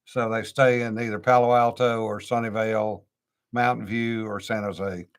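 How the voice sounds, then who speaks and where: A man's voice: fairly low pitch, little pitch movement, normal speed, clear, resonant tone. A middle-aged man with a slight Cajun accent, co-hosting a casual chat in a laid-back, drawling way. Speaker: podcast co-host.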